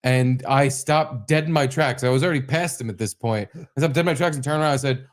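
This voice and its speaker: A young man co-hosting a podcast, telling a story with lots of swearing and animated bursts. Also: medium pitch, quick pace. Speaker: podcast co-host. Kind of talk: casual podcast chat.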